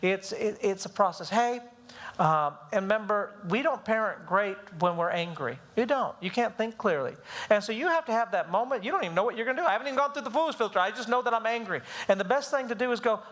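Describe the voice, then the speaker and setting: Brief: male parenting teacher, quick and high-pitched, animated storyteller who acts out voices. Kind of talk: live church class talk.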